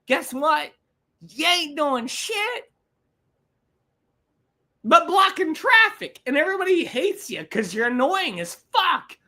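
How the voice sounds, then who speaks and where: Woman, podcast host, profane rant, lively and bright. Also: sits high, takes it slowly, pauses often. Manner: ranting, profane, repetitive.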